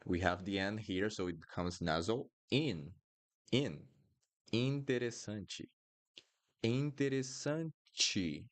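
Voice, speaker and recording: Slow, low-voiced teacher. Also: male voice, lively intonation. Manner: slow, patient drilling of sounds, repeating words. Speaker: Portuguese teacher. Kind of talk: live online language lesson. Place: home studio, livestream.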